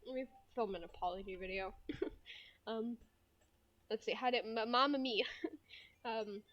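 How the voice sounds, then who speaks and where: A woman's voice: fairly high pitch, unhurried, a bit bright, no echo, muffled recording. A young woman in her twenties streaming a game, giggly, self-mocking and prone to swearing.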